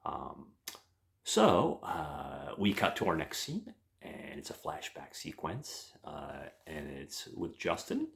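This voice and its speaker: A man casually recounting a movie in a review, hesitant and meandering. His voice sits very low, with a gravelly fry. He keeps addressing his listeners as guys. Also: wildly swooping pitch, slow pace.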